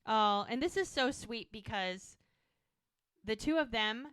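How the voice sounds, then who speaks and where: Smooth-voiced woman recapping a show. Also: no echo, studio quality. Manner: animated recapping, acting out lines with quick shifts in pitch. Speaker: podcast co-host. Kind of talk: casual rewatch recap.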